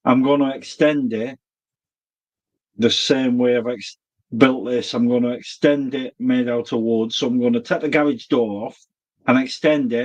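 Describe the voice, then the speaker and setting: A middle-aged livestreamer with a medium-pitched voice rambles and thinks aloud in casual chat from a small room he built himself. The audio sounds dull.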